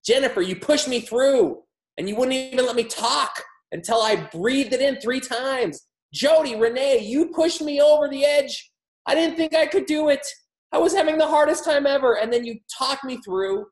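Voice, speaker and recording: A man's voice: very high-pitched, moderate pace, pitched above the performer's own voice. A man voicing a grateful client who gushes a dramatic, effusive testimonial. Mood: gushing. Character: gushing grateful adult client giving a testimonial. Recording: roomy echo.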